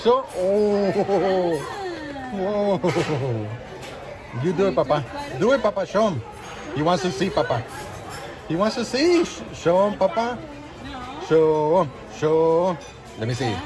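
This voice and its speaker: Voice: mid-range voice, animated, slow pace, pauses often. A person filming a family outing in a casual vlog, talking playfully, coaxing and laughing often. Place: busy theme-park restaurant and walkways. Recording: crowded noisy venue. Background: crowd chatter.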